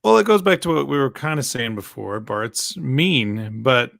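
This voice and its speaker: A man in his thirties, a podcast guest, speaking in a relaxed, measured way. His voice is gravelly with some fry, at a middle pitch, and recorded dry with no room sound. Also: no room sound. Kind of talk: casual podcast chat.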